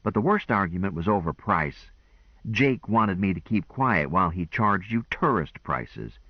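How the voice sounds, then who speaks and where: A man's voice: low-pitched, big pitch swings, a little slow, slightly rough, no room sound, exaggerated voice. A man voicing a proud, earnest young woman who speaks in a matter-of-fact way, in a dull lo-fi recording.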